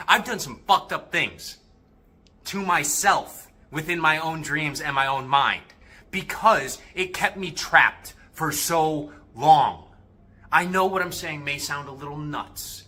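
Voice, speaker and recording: Bright, brash, swearing male ranter. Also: fairly high pitch, lively intonation, unhurried. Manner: profane, aggressive, confrontational. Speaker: livestream host, self-styled coach. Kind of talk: motivational rant on a livestream.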